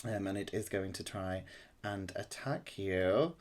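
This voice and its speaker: A man's voice: deep voice, measured pace, a little mellow. A man with a Mancunian accent, narrating a tabletop game as the dungeon master and laughing often.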